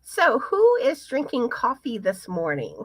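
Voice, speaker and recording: A woman hosting a casual live chat, reading viewer comments aloud in an unhurried way. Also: a little high, huge pitch swings, slightly rough, dry recording. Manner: chatty, unhurried, pauses to read comments. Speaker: livestream host. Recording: slightly muffled, dry sound.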